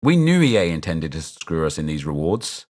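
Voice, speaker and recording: A man's voice: rumbling low, sing-song, normal speed, darkish tone. A young man chatting casually as he streams a football game, rambling and answering his viewers' chat as he reacts to picks.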